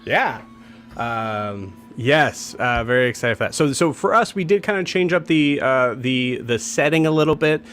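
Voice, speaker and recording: A man's voice: medium pitch, animated, normal speed, a bit bright, soft background music. A man hosting a game stream, casually announcing campaigns and rambling with many filler words and restarts. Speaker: game master and show host.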